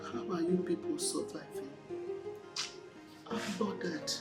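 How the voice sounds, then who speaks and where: An actress playing a weak, ailing older mother in hospital, speaking with a Nigerian accent in a slow, soft voice. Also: fairly low pitch, over music. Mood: weary. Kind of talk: film drama.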